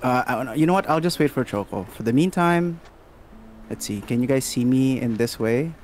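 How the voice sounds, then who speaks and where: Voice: medium pitch, animated, brisk, darkish tone, a little hiss or hum. A gaming partner in casual chat who laughs hard and plays along. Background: faint lofi music.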